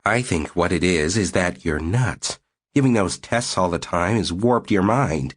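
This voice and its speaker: Tough workman, slow, level and blunt, read by a husky male narrator. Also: low voice, lively intonation, exaggerated voice. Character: grimy tough male worker, level and firm.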